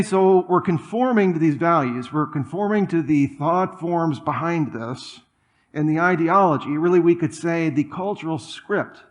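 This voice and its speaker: Guy preaching in church, kinda high-ish voice, chatty and animated, cracks jokes. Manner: conversational, animated preaching with asides and humor. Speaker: pastor. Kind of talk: sermon. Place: church auditorium.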